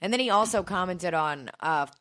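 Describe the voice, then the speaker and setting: A woman's voice: on the low side, lively intonation, normal speed, fairly bright tone. A woman co-hosting a podcast, chatting casually, teasing and swearing with frequent laughs. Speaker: podcast co-host. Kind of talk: casual chat.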